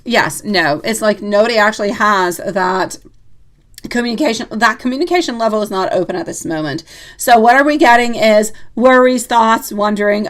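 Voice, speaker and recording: A woman's voice: medium pitch, normal speed. A woman hosting a live tarot reading stream, chatting casually with viewers, teasing and laughing often.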